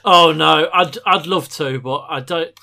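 A young English man co-hosting a podcast, excitable and chatty with frequent stammering restarts. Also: a little high, a little slow, vocal fry. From England. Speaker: podcast co-host. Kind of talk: casual podcast chat.

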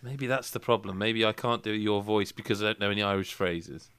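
A man's voice: fairly low pitch, fairly even intonation, a little fast, a bit bright, clear, resonant tone, dry recording. A man with a southern English accent hosting a podcast in casual chat, swearing freely and laughing often. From southern England. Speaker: podcast host.

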